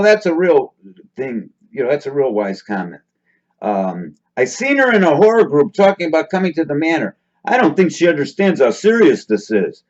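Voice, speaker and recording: A man's voice: mid-range voice, lo-fi sound. A man hosting a casual commentary, reading out chat comments with sarcastic asides and lots of hesitant fillers. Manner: sarcastic, mutters asides between read-out comments; frequent hesitant fillers and restarts. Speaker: host reading out live-stream chat comments.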